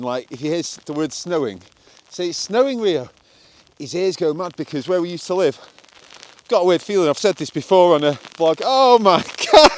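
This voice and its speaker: Bloke, slightly higher voice, rambling self-mocking chat on a walk, handheld camera. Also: male voice, darkish tone. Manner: chatty and self-mocking, breaks into laughter. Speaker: vlogger. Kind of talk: rambling walk-and-talk vlog. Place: outdoors on a country walk.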